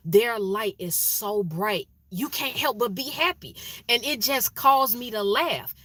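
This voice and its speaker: Bright, lively woman storyteller. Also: no echo. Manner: animated, acts out quotes with sharp pitch jumps; conversational, addresses listeners directly. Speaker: vlogger telling a personal story. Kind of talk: casual storytelling with uplifting advice.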